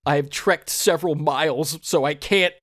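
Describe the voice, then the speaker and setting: A man's voice: on the high side, moderate pace, fairly bright tone, no room sound, studio quality. A man co-hosting a casual podcast, talking through a movie, swearing and acting out characters' lines. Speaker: podcast co-host.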